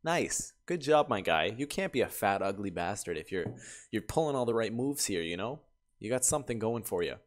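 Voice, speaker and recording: Man reading stories with lively reactions. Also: on the low side, brisk. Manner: animated, laughing reactions between readings. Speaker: YouTuber reading Reddit stories. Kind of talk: reading stories aloud with commentary.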